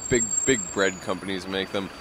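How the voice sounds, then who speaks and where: A man chatting casually in a dry, low-key way on a balcony above a busy street. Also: moderate pace, fairly bright tone. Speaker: co-host. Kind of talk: casual chat. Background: street traffic.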